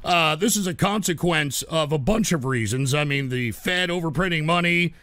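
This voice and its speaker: A man hosting a live call-in stream, reading viewer messages aloud and scolding trolls in an exasperated way, often breaking into shouts. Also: fairly high pitch, normal speed, dry recording, studio quality. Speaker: livestream radio host.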